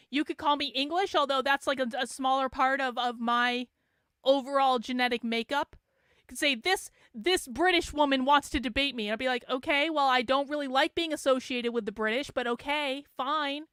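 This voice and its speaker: Woman livestream host, sarcastic rambler, sharp and high-pitched. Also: moderate pace, no room sound, clean studio sound. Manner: rambling and sarcastic, many fillers and restarts. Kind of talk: casual livestream commentary, reading chat comments.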